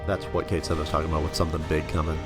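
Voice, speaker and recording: A young man with a very deep, fairly flat voice races through casual let's play commentary on a video game, laughing often and swearing freely. Game music plays in the background.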